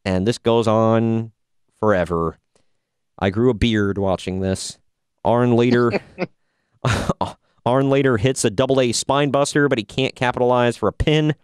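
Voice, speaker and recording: A laid-back man chatting casually on a podcast, sarcastic and quick to laugh. His voice is smooth and resonant, recorded close and dry with no room sound. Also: mid-range voice, no room sound. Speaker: podcast host reviewing wrestling. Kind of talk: casual chat.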